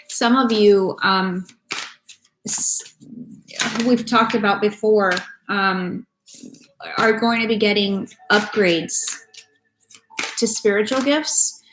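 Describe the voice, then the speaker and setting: A woman giving a loose, chatty live-stream tarot reading, swearing casually and greeting viewers by name. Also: mid-range voice. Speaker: tarot reader. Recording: echoey room with faint noise.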